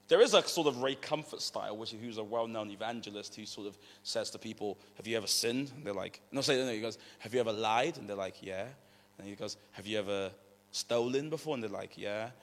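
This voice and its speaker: Man preaching in a reverberant hall. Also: mid-range voice. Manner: conversational, animated storytelling, acts out quotes. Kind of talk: sermon with personal stories. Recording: long reverb of a large hall.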